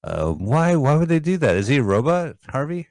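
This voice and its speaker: A man's voice: a little high, very animated, moderate pace, a little mellow. A man co-hosting a radio show, asking playful questions and riffing jokes while watching a movie. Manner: wry, riffs on jokes, asks playful questions. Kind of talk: casual banter while watching a film.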